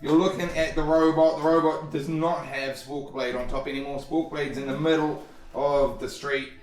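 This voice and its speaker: A man's voice: a little high, fairly even intonation, moderate pace, darkish tone, soft background music. A man narrating a tabletop game as game master, rambling and hesitant, with many fillers. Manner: rambling and hesitant, full of "sort of" and "like". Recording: roomy, from far off.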